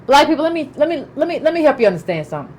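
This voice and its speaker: Woman, commentator, lively pitch swings, emphatic, pointed questions. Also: rapid-fire, a little hiss or hum, low-quality recording. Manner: emphatic, repeats herself, asks pointed questions. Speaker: political commentator. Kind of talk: political commentary.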